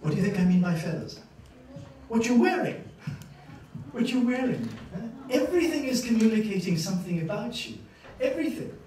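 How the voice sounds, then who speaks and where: A male lecturer gives a lively master class in a university lecture room, animatedly telling stories, acting out scenes, and laughing often. His high, expressive voice is theatrical, picked up by a distant mic in a reverberant, echoey hall with slight background noise.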